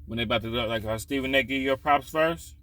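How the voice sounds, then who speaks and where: A man giving a casual, animated opinion rant as a reaction vlogger, speaking in with streetwise slang. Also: mid-range voice, quick pace, low-quality recording. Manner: animated, streetwise slang, frequent "you know what I'm saying".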